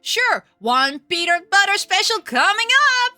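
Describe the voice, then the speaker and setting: A woman voicing Ten, an emotional young woman, in high, gushing lines while reading a visual novel aloud. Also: big pitch swings, measured pace, pushed and bright, no echo, heavily acted. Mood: eager. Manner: high, gushing and breathless with relief.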